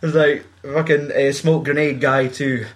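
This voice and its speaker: A man's voice: a little high, flat delivery, unhurried. Casual scottish guy ranting about films, swears a lot, tons of likes. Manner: sweary, rambling with many fillers. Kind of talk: casual film chat.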